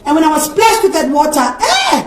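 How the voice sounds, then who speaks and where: High-voiced woman, roomy echo. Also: a little fast, over music. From South Africa. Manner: animated storyteller who acts out quoted speech. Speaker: interview guest. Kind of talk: personal testimony in an interview.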